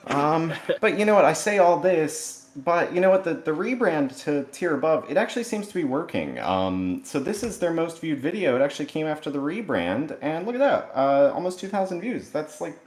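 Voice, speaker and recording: A man delivering a comedic roast with sarcastic, mock-earnest jokes and self-deprecating asides, recorded in a sparsely furnished new home. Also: a little high. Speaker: roast participant. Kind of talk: comedic roast set over a video call. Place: newly moved-in, barely furnished home. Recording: echoey, sparsely furnished room.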